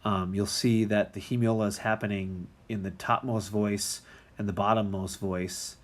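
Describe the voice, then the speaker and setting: A man's voice: lowish voice, flat delivery, moderate pace. A man teaching music theory in a recorded lecture, talking casually with many ums and restarts.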